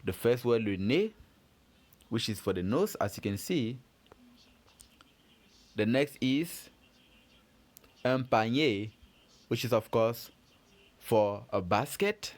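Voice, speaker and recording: A man's voice: medium pitch, animated, slow, pauses often. Guy teaching french sounds, patient and step by step, mid voice, keeps quizzing the class. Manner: patient, methodical, asks learners questions and answers them. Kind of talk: lesson explanation for learners.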